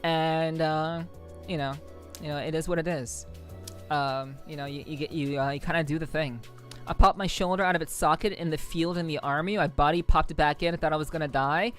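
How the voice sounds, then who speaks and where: A woman's voice: deep voice, fairly even intonation, a little fast, faint music behind. A woman streamer chatting casually with viewers, rambling, swearing freely and laughing often. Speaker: livestreamer. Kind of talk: casual livestream chat with viewers.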